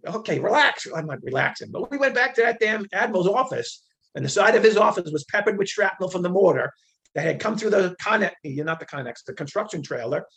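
An older man telling war stories as an interview guest, animated, acting out quoted dialogue with many fillers. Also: high-pitched, quick pace, vocal fry, breathy edge. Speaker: interview guest, retired federal agent. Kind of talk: conversational storytelling.

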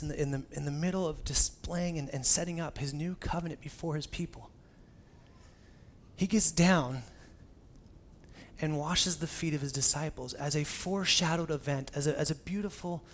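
A male pastor delivers a sermon with a slightly high voice. He is animated and conversational and slips in playful asides. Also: moderate pace, a little hiss or hum.

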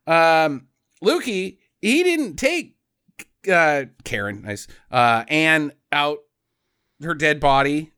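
Animated man recapping a film. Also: a little high, takes it slowly, smooth. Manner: animated, swearing, mock-quoting characters. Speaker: podcast co-host. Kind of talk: casual movie recap chat.

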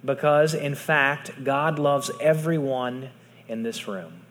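A man preaching a sermon in earnest, dropping to soft hushed tones for emphasis. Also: medium pitch, takes it slowly, in a large hall, slight background noise. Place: large hall with audience.

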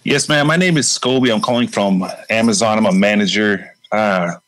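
A man posing as a manager on a prank call, speaking politely and calmly in a customer-service manner. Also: lowish voice, moderate pace.

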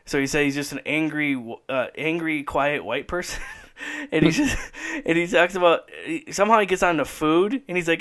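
A man's voice: on the high side, lively intonation, normal speed, fairly bright tone. A man hosting a casual podcast chat, rambling enthusiastically and laughing often. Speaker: podcast host.

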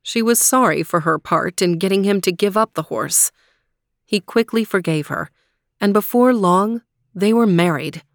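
A woman storyteller reading a storybook aloud in a calm, measured manner, then reflecting on it. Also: medium pitch, no room sound, clean studio sound.

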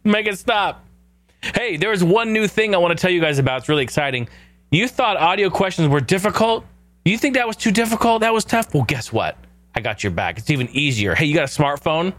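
Man, podcast host, casual joking chat, lively pitch, dry close sound. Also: quick pace, no room sound. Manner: animated, jokey, swears casually.

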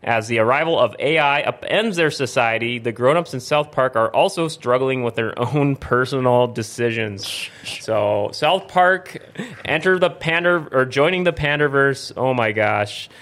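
A man's voice: mid-range voice, lively intonation, measured pace, a bit bright. A man co-hosting a casual review podcast, loosely recapping a cartoon episode and often stopping to restart his sentences. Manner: rambling, stops and restarts while recapping. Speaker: podcast co-host.

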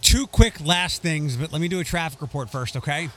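A man's voice: a little high, animated, fairly quick, sharp tone. A man hosting a radio show, chatting casually and reading a traffic report.

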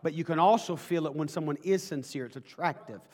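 A pastor delivers a sermon in a high, bright voice. He starts folksy and conversational, then builds into fervent, rising preaching. His voice carries through a church with a long, ringing reverb. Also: brisk.

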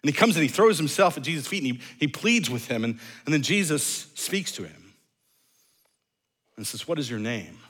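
Bright-voiced man preaching a sermon. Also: expressive, normal speed, breathy edge. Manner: earnest, swings between loud emphasis and hushed low phrases; repeats words and restarts while thinking aloud. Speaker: pastor.

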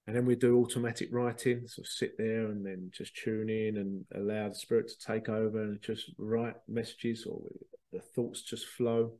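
A man, a spiritual medium hosting a show, telling stories in a chatty, animated way with laughter and the odd swear. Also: on the low side, moderate pace. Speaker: spiritual medium and podcast host. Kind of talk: casual storytelling.

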